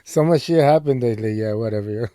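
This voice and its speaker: A man's voice: medium pitch, quick pace, warm tone, dry recording, clean studio sound. A young man, co-hosting a podcast and telling embarrassing stories in casual chat, laughing often and saying "bro" a lot. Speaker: podcast co-host.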